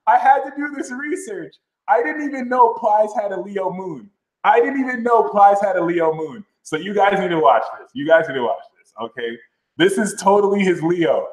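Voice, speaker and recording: A man hosting a casual astrology livestream, talking loosely and playfully. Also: moderate pace. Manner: animated, jumps into high sassy mock voices. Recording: roomy echo.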